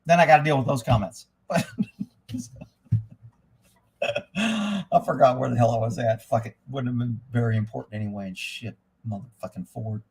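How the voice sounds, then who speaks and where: A middle-aged man hosting a live stream, ranting loudly and profanely as he tells stories in casual talk. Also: mid-range voice, moderate pace, slightly rough. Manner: loud, profane, type A storyteller.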